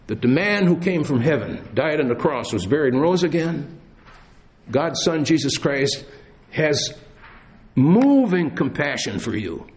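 Male pastor, earnest sermon delivery, slightly high voice, measured pauses. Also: sing-song. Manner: earnest preaching with dramatic pauses and slowed emphasis. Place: church.

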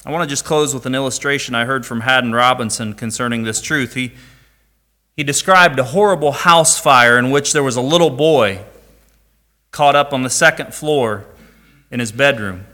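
A man's voice: mid-range voice, moderate pace, sharp tone. A man preaching a sermon, reading scripture and earnestly pleading with his listeners. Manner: earnest, pleading, rising to emphatic calls. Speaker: pastor.

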